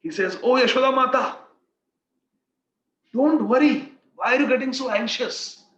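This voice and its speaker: A man voicing a cheeky, boastful young boy who teases and jokes with excitement. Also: extremely high pitch, measured pace, voice pushed up. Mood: teasing. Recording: echoey room, dull lo-fi sound.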